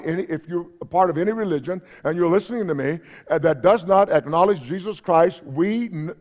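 A man's voice: on the high side, lively intonation, a little fast, few pauses, lo-fi sound. A man preaching a sermon in a conversational way, repeating himself and checking in with the congregation. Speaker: pastor.

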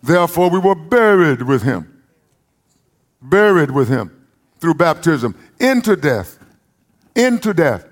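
A man with an East Texas accent preaching a lively sermon, with folksy humor and emphatic repetition. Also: fairly high pitch, takes it slowly, long pauses.

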